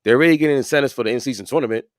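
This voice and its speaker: He co-hosts a podcast, chatting about sports in a loose, rambling way with frequent fillers and restarts. His pitch is medium and he talks very fast. The studio-quality recording has no echo.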